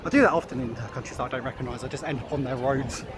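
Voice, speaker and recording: A travel vlogger films himself on a handheld camera while walking a busy city street at night, chatting, joking, laughing often and swearing casually. He talks very fast at a medium pitch, over crowd and street noise.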